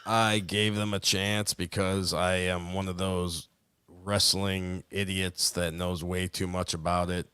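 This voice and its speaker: A man's voice: deep voice, little pitch movement, takes it slowly, sharp tone, clear, resonant tone, no room sound, studio quality. A man chatting casually as co-host, rambling, swearing and trailing off mid-thought. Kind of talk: casual chat.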